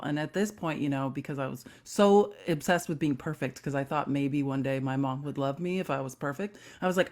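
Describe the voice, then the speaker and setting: A woman's voice: low-pitched, brisk, hardly any pauses, darkish tone. A young adult woman co-hosting a comedy podcast, telling a rambling story full of sarcastic asides. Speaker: podcast co-host. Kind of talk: casual comedic chat.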